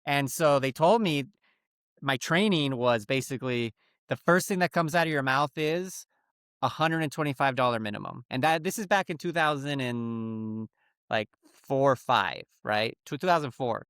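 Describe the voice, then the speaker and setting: Animated man telling a story. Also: medium pitch, moderate pace, smooth, dry recording, clean studio sound. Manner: animated, acts out his phone calls in put-on voices. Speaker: podcast co-host. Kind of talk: casual storytelling chat.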